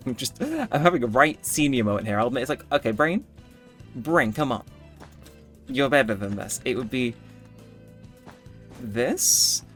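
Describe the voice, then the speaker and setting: A man's voice: medium pitch, fairly bright tone. A man giving rambling, self-correcting commentary while playing a game. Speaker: gaming YouTuber. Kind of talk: casual gameplay commentary. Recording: faint background music.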